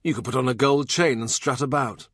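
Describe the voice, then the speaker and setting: A man voicing a grave, calm statesman in his own plain voice. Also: medium pitch, a little fast, dry recording, studio quality, voice pushed up. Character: grave, measured man of rising power.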